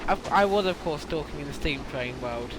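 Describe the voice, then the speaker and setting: A man's voice: on the high side, a little fast. Chatty man playing a train game. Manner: chatty, excitable, stumbles over words. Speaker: game player. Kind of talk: casual gameplay chat. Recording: faint background noise.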